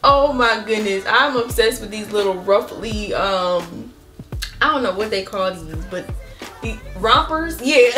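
A young woman gushing excitedly as she opens baby shower gifts in a casual vlog. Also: medium pitch, takes it slowly, faint music behind. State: pregnant. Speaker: family vlogger opening baby shower gifts.

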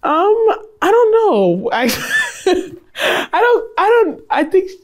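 A teenage girl volleyball player telling a story in an interview, animated, giggly and full of fillers. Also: extremely high pitch, drawn-out words. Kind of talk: documentary interview.

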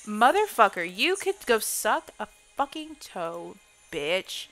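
A woman's voice: fairly high pitch, sing-song, a little slow, pushed and bright, faint music behind. A young woman streaming a game and chatting casually, swearing constantly and playfully. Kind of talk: casual gameplay chat.

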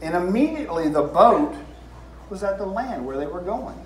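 A man's voice: high voice, animated, normal speed. A man in his fifties with a Southern US drawl, preaching an informal sermon and reading scripture. He talks in a folksy way, repeats phrases and asks the room questions. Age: 50s. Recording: echoey room with faint hiss.

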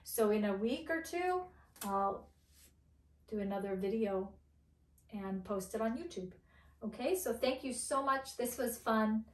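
A middle-aged woman teaches English to learners at a very slow, careful pace, spelling words out and mixing in Arabic phrases. Her voice sits a little high. She sounds set back from the mic in a roomy, echoing space. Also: expressive, distant mic.

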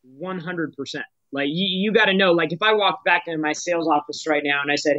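A man's voice: a little high, brisk, pushed and bright, no echo, dull audio. A man answering as a sales executive guest on a podcast, talking in a direct coaching tone with frequent restarts.

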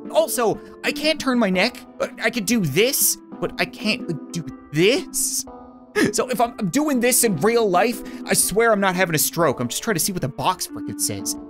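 A man's voice: high-pitched, big pitch swings, moderate pace. A man commentating a horror game let's play, sarcastic, jumpy and self-deprecating, cracking jokes about his job. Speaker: gaming YouTuber. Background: game music.

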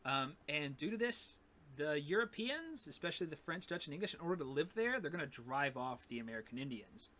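A man's voice: fairly high pitch, big pitch swings, fairly quick, sharp tone. A man teaching a recorded history lesson in a casual, rambling way, full of fillers and "right?" checks. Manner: casual, repetitive, with many fillers and "gonna", "right?".

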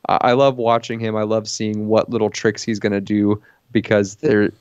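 A man co-hosting a movie podcast, reviewing films in an animated, casual way with lots of restarts and laughs. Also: on the low side, normal speed, clear, resonant tone, no room sound, dull audio. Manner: animated, stumbling restarts, laughs while talking. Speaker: podcast co-host.

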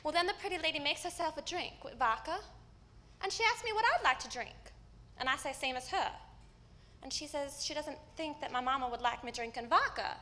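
A woman acting a stage monologue as a candid, wry woman recalling her teenage self, telling the story with vivid swings from hushed to loud. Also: high voice, lively intonation, brisk. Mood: fond recollection. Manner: storytelling with vivid shifts in loudness. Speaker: stage actor. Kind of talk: live theatrical monologue. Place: theater stage.

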